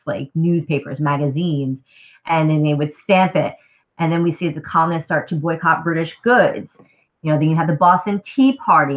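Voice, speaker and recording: A woman history teacher with a scratchy throat, giving a casual, conversational live review lesson. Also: sits low. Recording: tinny phone-like audio.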